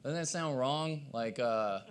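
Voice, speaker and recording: A man doing a stand-up set at an open mic, with a hoarse, cracking voice and a rambling, self-deprecating delivery. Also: mid-range voice, a little slow. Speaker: stand-up comedian. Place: live open mic in a coffee shop.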